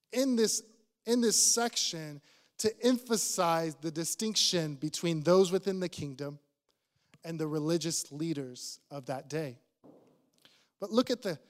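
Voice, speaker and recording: High-voiced pastor preaching slowly. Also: male voice, in a large hall. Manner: earnest, probing with direct questions. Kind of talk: sermon. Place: church.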